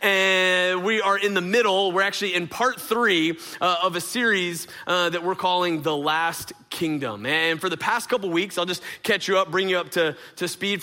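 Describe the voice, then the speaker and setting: A middle-aged male pastor gives a relaxed, story-driven sermon in a fairly high, bright voice. He fills his sentences with "uh" and "right?" and talks directly to his listeners. His voice rings out with the long echo of a large hall. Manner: storytelling, filler-heavy, addresses audience directly. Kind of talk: conversational sermon.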